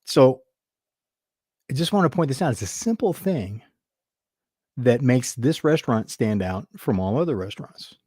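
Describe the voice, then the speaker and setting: A man talks straight to his viewers, spinning a story about a small business at an easy, conversational pace. His pitch sits in the middle of the range. The sound is dry and close, with hardly any room echo. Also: expressive, moderate pace, pauses often, darkish tone, husky. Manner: storytelling, chatty, with restarts and quoted dialogue. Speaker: business show host. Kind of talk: casual talk to camera.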